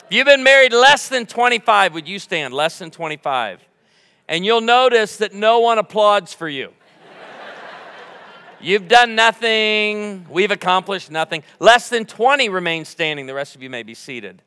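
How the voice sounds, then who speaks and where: Before a congregation in a church sanctuary, a guest preacher in his 40s mixes jokes and playful back-and-forth into his sermon. His high voice is expressive and sharp, at a normal speed, with a big-room sound.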